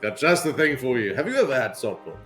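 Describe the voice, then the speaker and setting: A man voicing a fussy, rambling older aristocrat who talks in an excitable, self-important way. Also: medium pitch, fast talker, soft background music, voice pushed up. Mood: hospitable.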